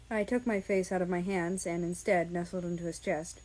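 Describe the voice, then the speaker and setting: A woman reading a first-person fan fiction story aloud, calm and measured. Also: fairly low pitch, poor audio. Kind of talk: first-person audiobook narration.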